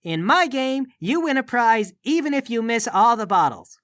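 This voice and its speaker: A woman playing a tabletop game with a smooth, scheming way of talking. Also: on the high side, very animated, moderate pace, a bit bright, no room sound. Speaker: player. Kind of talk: tabletop role-play.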